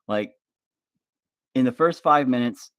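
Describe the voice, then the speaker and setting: A man hosting a livestream who rambles through a casual film pitch, full of fillers and swearing. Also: slow, a bit bright, clear, resonant tone, no echo. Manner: rambling, filler-heavy, profane. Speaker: livestream host.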